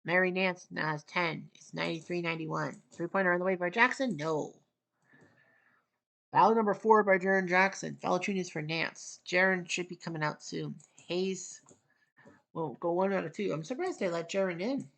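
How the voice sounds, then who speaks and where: A woman's voice: lowish voice, gravelly. Clipped play-by-play woman from Canada. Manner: clipped, rapid calls, wry asides, rising excitement near the end. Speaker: play-by-play commentator. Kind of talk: casual solo play-by-play of a basketball video game.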